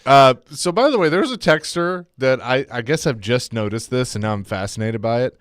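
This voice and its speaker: A man co-hosting a casual sports talk radio show in a studio, opinionated, halting and restarting, reading listener texts aloud. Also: mid-range voice, lively intonation, dry recording. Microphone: studio mic.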